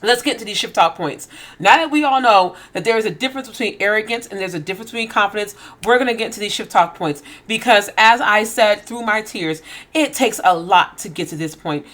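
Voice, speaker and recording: A woman's voice: mid-range voice, fairly quick, fairly bright tone. Emphatic preaching woman. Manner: preachy and emphatic, with rhetorical questions. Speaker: host. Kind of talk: faith-based motivational talk.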